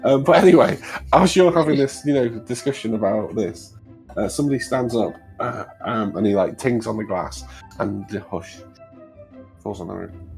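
A man's voice: lowish voice, normal speed, vocal fry, darkish tone, soft background music. A man narrating a tabletop game as game master, casual, laughing often and swearing freely.

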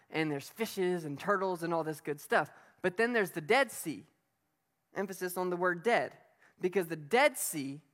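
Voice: mid-range voice, a bit bright. A preacher giving a sermon in an emphatic, conversational way, asking the listeners rhetorical questions. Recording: long reverb of a hall.

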